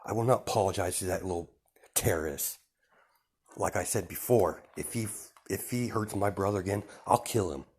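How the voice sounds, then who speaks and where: Guy doing a fierce protective twin sister, kinda low and quiet for a girl, threatening, barely putting on a voice. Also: normal speed, husky. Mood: cold.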